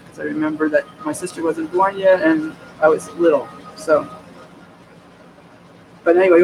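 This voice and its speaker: On the high side and marked by vocal fry, this man's voice comes through with background noise as music plays. He's a vlogger from New York State giving a casual, rambling monologue to his camera at home, frequently starting over and laughing. The sound is picked up by the camera microphone.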